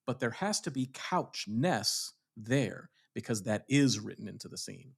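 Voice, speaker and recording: A man's voice: on the low side, expressive, measured pace, gravelly, few pauses, husky. A man co-hosting a casual podcast, a theatre director who talks in a reflective way and often restarts his sentences while looking for words. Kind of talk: casual chat.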